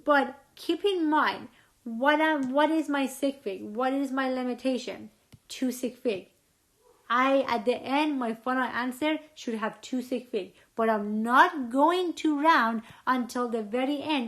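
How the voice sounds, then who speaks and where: A woman teaching a chemistry lecture, asking questions and repeating key points for students. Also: fairly high pitch. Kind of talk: recorded lecture.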